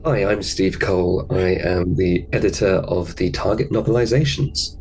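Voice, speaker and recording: A man's voice: deep voice, moderate pace, a little mellow, a little hiss or hum, poor audio. A man, a book editor, answering interview questions hesitantly with many ums.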